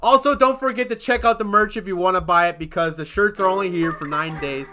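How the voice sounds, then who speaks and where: A man's voice: high voice, quick pace, music in the background. A man hosting casual reaction commentary, swearing often and laughing a lot. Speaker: host.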